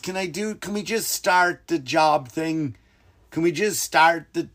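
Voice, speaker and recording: A man hosting a podcast, telling rambling stories in a profane, exasperated way and mimicking the people in them. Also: medium pitch. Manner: mimics other people in quoted bits. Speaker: podcast host. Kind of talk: casual comedic monologue.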